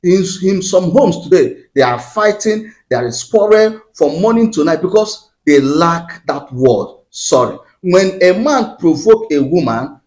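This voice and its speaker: A man's voice: sits high, expressive, measured pace, few pauses, a little mellow. A man hosting his own channel, giving preachy marriage advice with repeated phrases and rhetorical questions. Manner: Christian framing of marriage. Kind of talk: preachy advice talk to camera.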